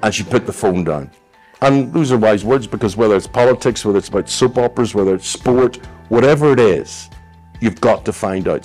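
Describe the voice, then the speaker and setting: Man in his sixties, telling stories. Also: lowish voice. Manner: animated storyteller, acts out voices in his anecdotes. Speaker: guest. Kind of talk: anecdotal interview storytelling.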